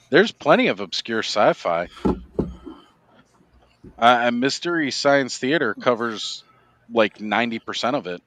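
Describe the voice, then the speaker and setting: A man's voice: on the low side, very animated, unhurried, pauses often, a bit bright, a little hiss or hum. A man hosting a casual livestream chat over a video call, laid-back, laughing often and saying "like" a lot. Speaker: livestream host.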